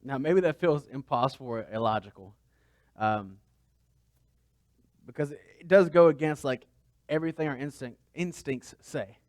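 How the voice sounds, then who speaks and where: A man's voice: mid-range voice, moderate pace, a little mellow, dry recording. A man pastor giving a conversational sermon, asking the congregation rhetorical questions.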